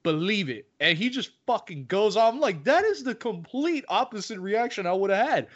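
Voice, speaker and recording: A man, co-hosting a casual film-discussion podcast, talking in an animated, profane way and acting out scenes. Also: sits high, normal speed. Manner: animated, profane, acts out scenes in quoted voices. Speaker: podcast co-host. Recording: slightly muffled lo-fi audio.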